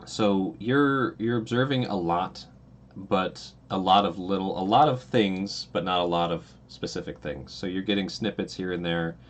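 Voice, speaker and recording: A man running a tabletop game as game master, narrating scenes in a relaxed, meandering way with many fillers. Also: low voice, moderate pace.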